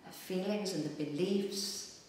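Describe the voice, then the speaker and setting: A woman, a tapping therapy practitioner, leading a client through calm, repetitive coaching phrases. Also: on the low side, a little slow, a little hiss or hum. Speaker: EFT practitioner. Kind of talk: guided tapping instruction. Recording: echoey room with long reverb.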